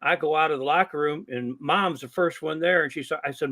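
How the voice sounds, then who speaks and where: A man's voice: fairly high pitch, brisk, slight background noise. An older man, a longtime wrestling promoter, telling anecdotes on a podcast and acting out the dialogue as he goes. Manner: animated storyteller who acts out quoted dialogue. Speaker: guest, longtime wrestling promoter and ring announcer. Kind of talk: casual podcast storytelling.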